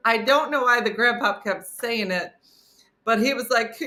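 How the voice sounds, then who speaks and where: A woman comedian chatting casually to viewers, retelling funny videos with lively put-on voices. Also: moderate pace. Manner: animated, acts out funny videos in high squeaky voices. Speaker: comedian hosting a live morning stream. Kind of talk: casual chat reading comments.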